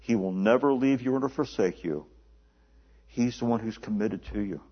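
Husky conversational male preacher. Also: fairly low pitch. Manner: conversational, repeats words, slows to stress scripture. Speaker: pastor. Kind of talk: sermon. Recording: dull lo-fi recording.

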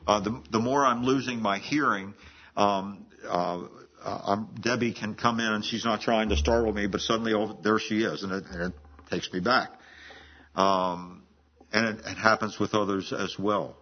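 A man's voice: fairly low pitch, steady tone, normal speed, slightly rough, lo-fi sound. A man in his seventies preaching a sermon in a conversational, storytelling way, often restarting phrases and laughing. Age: 70s. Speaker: pastor.

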